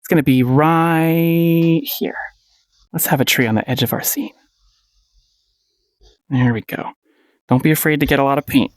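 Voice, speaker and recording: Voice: medium pitch, a little fast, pauses often, no room sound. A painting instructor giving a casual paint-along tutorial, playful and encouraging, often giggling and repeating short phrases.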